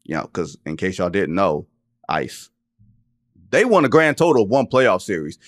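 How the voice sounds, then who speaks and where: A man in his forties talking sports on a podcast in a lowish voice, recorded close and dry with no room sound. He speaks emphatically, jokes, and leans into slang. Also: big pitch swings, moderate pace, no room sound. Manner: emphatic, joking, drawls into slang. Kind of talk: casual sports chat.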